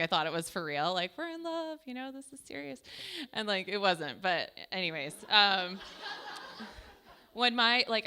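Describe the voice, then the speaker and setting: Bright, crisp-voiced woman doing stand-up. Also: lowish voice. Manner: self-deprecating, chatty, filled with "like". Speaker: stand-up comedian. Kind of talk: stand-up comedy storytelling. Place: small comedy show stage.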